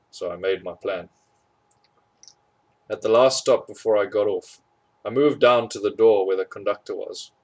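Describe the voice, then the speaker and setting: A man's voice: lowish voice, darkish tone, low-quality recording. A man reading a storybook chapter aloud, amused by the story and correcting his own slips as he goes. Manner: amused, chuckles at funny parts, corrects slips. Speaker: audiobook reader.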